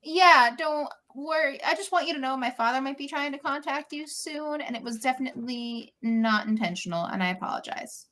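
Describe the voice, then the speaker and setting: A flustered teenage noble girl, played by a woman in a tabletop game. She stumbles through nervous courtesies in a bright, somewhat high voice. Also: normal speed, hardly any pauses, slight background noise. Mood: flustered, polite. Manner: nervous, stammering politeness.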